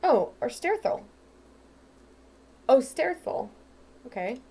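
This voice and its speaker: A woman's voice: sits high, sing-song, slow, creaky, dark tone, slightly rough. A young woman from Ohio, chatting casually and rambling while she plays a game. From Ohio, USA. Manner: chatty, rambling, lots of "um" and "like", laughs easily. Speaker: let's-play host. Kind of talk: casual chat over gameplay.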